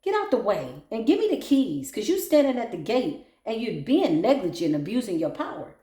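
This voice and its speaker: Woman, tarot reader, blunt, profane, mocking, fairly high voice, roomy echo. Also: sing-song, normal speed, mellow. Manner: bursts into laughter. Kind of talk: intuitive tarot reading.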